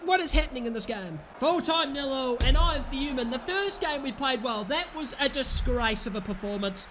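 A young British man giving live commentary over a football video game, exasperated and often yelling at his players and the referee. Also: very high voice, animated, moderate pace, noisy background. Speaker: gaming YouTuber.

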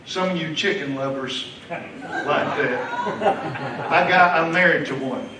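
A man with a Southern US accent preaching a sermon as pastor, dropping to a hush and then bursting into shouts. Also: a little high, takes it slowly, a loud crowd. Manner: preaching with sudden loud outbursts. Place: church sanctuary. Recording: echoey church hall, distant mic.

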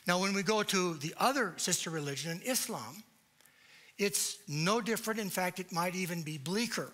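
Man lecturing at church, emphatic and deliberate, slightly high voice, unhurried delivery. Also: animated, bright, forceful tone. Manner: deliberate, emphatic, asks rhetorical questions.

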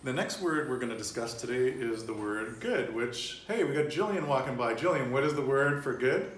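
A relaxed man in his thirties leads a home language lesson, talking in a loose, chatty way with frequent laughs and tangents. His voice sits at an ordinary pitch. The room is echoey, with a faint hum of ambience underneath. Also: moderate pace. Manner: chatty, loose, laughs easily, restarts and digresses. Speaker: Spanish teacher.

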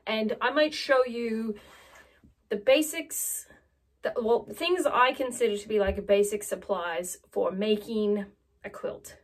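This Australian woman in her thirties is a vlogger chatting casually to camera. Her voice is a little high and slow, and she rambles along in a self-mocking way.

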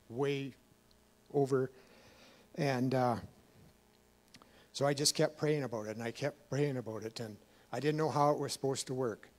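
A man's voice: medium pitch, steady tone, unhurried, pauses often, a little mellow. A man giving a rambling, emotional personal testimony to a church, with many fillers and restarts. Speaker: guest speaker.

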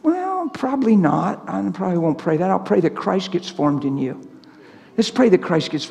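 A middle-aged man preaching a sermon in a church, telling stories and acting out the people in them. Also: sits high. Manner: animated storytelling, acts out quotes. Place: church hall. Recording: long echoing church reverb.

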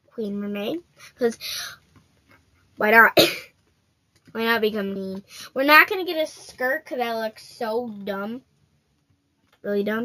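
Slow, high-voiced chatty female gamer. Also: bright, forceful tone. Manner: chatty, playful, talks straight to viewers. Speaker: gaming channel host. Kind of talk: casual game commentary.

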